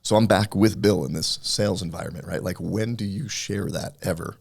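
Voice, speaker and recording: Gravelly low-voiced man telling stories. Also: a little fast. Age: middle-aged. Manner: animated storyteller acting out voices. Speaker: guest, entrepreneur. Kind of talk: storytelling in casual interview.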